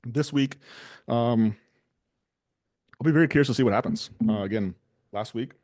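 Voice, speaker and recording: A man's voice: medium pitch, moderate pace, darkish tone. A man hosting a casual business talk, loose and conversational, with many fillers. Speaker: business owner and show host.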